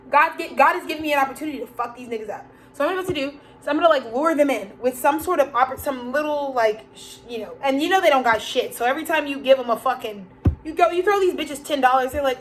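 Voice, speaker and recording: A woman's voice: high-pitched, fast talker, poor audio. A woman giving a rambling, profane spoken tarot reading, laughing often and acting out the people she quotes. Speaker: tarot reader.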